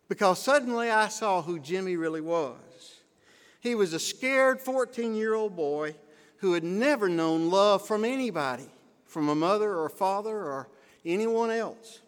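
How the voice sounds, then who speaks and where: High-voiced man preaching a sermon. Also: fairly bright tone. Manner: earnest storytelling. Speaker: pastor. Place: church. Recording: long church-hall reverb.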